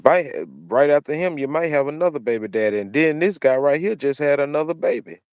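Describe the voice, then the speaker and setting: A man's voice: a little high, expressive, brisk, a little mellow, smooth, no echo. A man giving opinionated solo commentary, repeating his points over and over in a preachy way. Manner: repeats phrases for emphasis, preachy. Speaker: commentary channel host.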